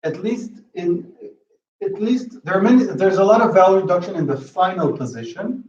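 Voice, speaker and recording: A man giving an academic talk in linguistics, halting and restarting often, checking in with the audience. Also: sits high, expressive, a little mellow, far from the mic. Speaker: linguistics lecturer. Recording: roomy lo-fi hall recording from afar.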